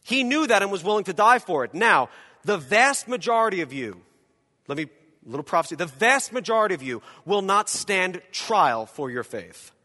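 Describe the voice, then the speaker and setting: A male pastor preaching a dramatic sermon in a church, acting out imagined voices and swinging between loud and quiet. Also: high voice, sing-song, moderate pace, long reverb tail. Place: church hall.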